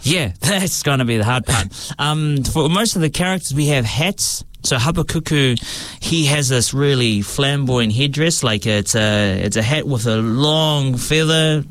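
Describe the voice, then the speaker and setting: In an unhurried medium-pitched voice with hardly any pauses, this East Coast New Zealander talks about his stage roles. It's a casual interview, and he's relaxed and chatty, sprinkling in fillers and starting sentences over.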